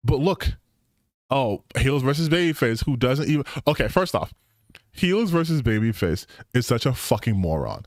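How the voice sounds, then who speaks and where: A man's voice: mid-range voice, big pitch swings, moderate pace, no room sound, studio quality. A young man, streaming and mocking online posts in profane, casual commentary.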